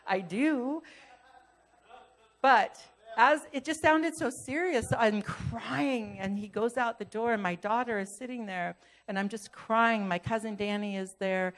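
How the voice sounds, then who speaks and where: An older woman giving a sermon, telling a personal story in an animated way and acting out the lines of other people. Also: mid-range voice, a little slow. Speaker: pastor.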